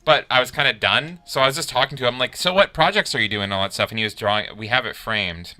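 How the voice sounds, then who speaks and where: A man's voice: mid-range voice, quick pace. A man chatting casually on a gaming stream, telling convention stories and acting out the people in them. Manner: animated storyteller, acts out quotes. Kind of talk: casual chat while gaming.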